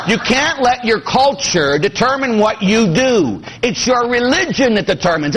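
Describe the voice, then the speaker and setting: A man's voice: sits high, a little hiss or hum. A middle-aged man from Pittsburgh, a priest preaching a sermon with jokes, acting out quoted voices. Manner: animated, joking, acts out quoted voices.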